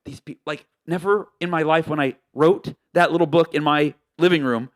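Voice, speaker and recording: A man from the United States, an author, telling stories as a podcast guest in an animated way, with lots of fillers and restarts. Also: on the high side, normal speed. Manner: animated, loose talk with many fillers and self-corrections. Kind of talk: casual storytelling interview.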